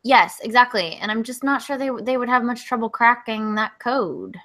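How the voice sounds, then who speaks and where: Chatty, high, bright-voiced woman. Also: normal speed. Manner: chatty, laughs often, steers the conversation. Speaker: co-host. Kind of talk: casual comedy podcast chat.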